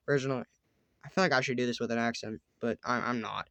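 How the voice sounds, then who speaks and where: Reading a text adventure aloud for a let's-play, this man chats casually between lines, frequently tripping over words, restarting, and using fillers. He talks at a quick pace in a medium-pitched, fairly bright voice, with no room sound.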